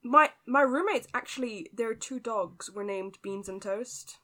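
A woman's voice: on the high side, unhurried, bright, forceful tone. A British woman from the UK, a podcast guest chatting casually and laughing often. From United Kingdom. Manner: laughs often, good-humoured.

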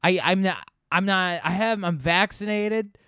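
A man doing a shrill indignant woman customer. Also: measured pace, clean tone, no room sound, studio quality. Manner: high, loud, exaggerated outrage.

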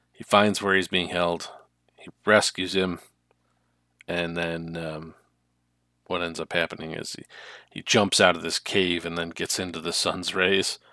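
A man's voice: sits low, pushed and bright, no room sound, clean studio sound. A man co-hosting a casual podcast, chatty and eager to retell plots at length. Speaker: podcast co-host. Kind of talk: casual chat.

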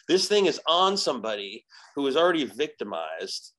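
A man telling a story as a podcast guest, animated and profane, acting out the voices in it. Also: fairly high pitch, fairly quick, hardly any pauses, rough recording. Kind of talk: casual storytelling.

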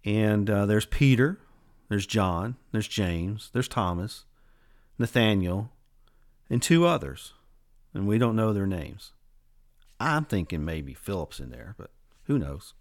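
A man's voice: lowish voice, big pitch swings, takes it slowly, long pauses. A man, hosting a podcast and retelling a Bible story in a folksy, rambling way. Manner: folksy, rambling storyteller who laughs at his own tangents. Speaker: podcast host.

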